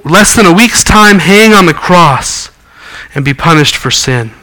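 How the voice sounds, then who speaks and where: A man's voice: high voice, lively intonation, measured pace, bright, forceful tone, poor audio. A man preaching a sermon, reading scripture and explaining it earnestly. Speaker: pastor.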